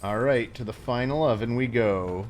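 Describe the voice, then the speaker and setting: A man's voice: mid-range voice, normal speed, a little hiss or hum. A man streaming a video game live, giving playful, self-mocking casual commentary. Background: game music.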